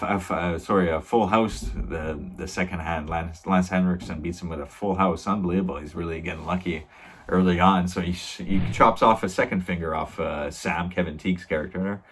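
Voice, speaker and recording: A man giving a casual, rambling spoken review, filling his talk with "you know" and "uh", swearing now and then. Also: low-pitched. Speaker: video reviewer.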